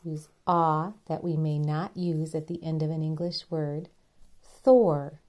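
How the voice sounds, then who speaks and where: A woman leads a spelling lesson in an unhurried, careful way, breaking each word into its syllables and sounds. Her voice sits on the lower side, and she takes her time with every word. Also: fairly even intonation, darkish tone. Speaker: spelling teacher. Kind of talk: slow spelling dictation lesson.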